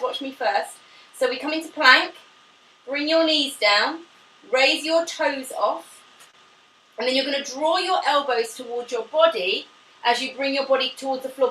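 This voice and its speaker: With a high-pitched, bright, forceful voice, a pilates instructor runs a live online class, showing the moves while she explains them. She's upbeat, laughs a lot, and breathes a little hard from the workout. Faint hiss, a far-off mic, and an echoey room color the recording.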